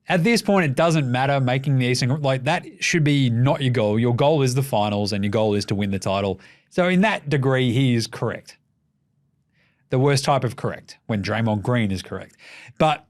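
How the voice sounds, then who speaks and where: A young adult man with an Australian accent hosting a basketball podcast, ranting in casual commentary with lots of swearing and sarcastic jokes. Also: mid-range voice.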